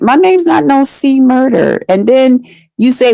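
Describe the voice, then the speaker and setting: A woman vents to her viewers in a heated, profane storytime rant. She drags her words out slowly in a fairly high voice. The recording is dry and close. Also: animated, creaky, mellow, no echo. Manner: profane, heated, drawn-out delivery. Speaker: vlogger. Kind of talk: casual ranting storytime.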